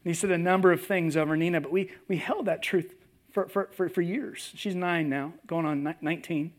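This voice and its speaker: Man preaching with a high voice. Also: a little fast. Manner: animated, humorous, swings between hushed and loud. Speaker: pastor. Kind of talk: sermon with personal storytelling. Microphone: presentation with slides, live audience.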